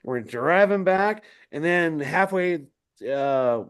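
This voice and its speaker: Man, animated raconteur on a video call, somewhat high voice, laughs a lot. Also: slow, clean tone. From Denver area. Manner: animated, laughing often, swears freely. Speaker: musician guest. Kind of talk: casual storytelling chat.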